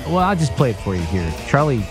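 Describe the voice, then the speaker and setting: A man's voice: medium pitch, sing-song, fast, music in the background. A man hosting talk radio, telling a story in casual on-air banter with frequent laughs. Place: radio studio. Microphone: studio mic.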